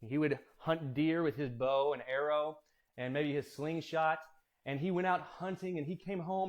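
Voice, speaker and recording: A man casually retelling a Bible story, animated and digressive, with many fillers. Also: fairly high pitch, normal speed.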